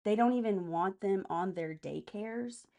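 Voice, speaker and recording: A woman's voice: medium pitch, unhurried, dark tone. A woman hosting a casual political live stream, answering chat comments by name in a blunt, profane way.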